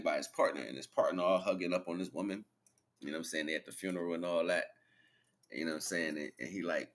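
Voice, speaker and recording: Here the host's voice is low-pitched with a fairly bright tone. He's running a livestream, drifting through a casual spiritual talk in slangy, rambling fashion and laughing as he recounts things.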